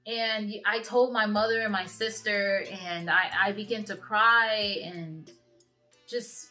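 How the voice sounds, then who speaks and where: A woman in her twenties telling a personal story to camera in a halting, earnest way, often stopping and restarting her sentences. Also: medium pitch, steady tone, pushed and bright, soft background music. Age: 20s. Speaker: vlogger.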